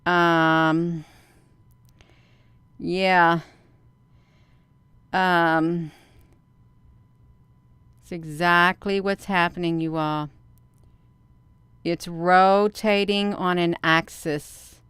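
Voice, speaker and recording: A woman hosting a casual vlog who talks excitedly to her viewers, repeats herself and sounds out of breath. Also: on the low side, very slow, pauses often, clear, resonant tone, no room sound. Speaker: video channel host.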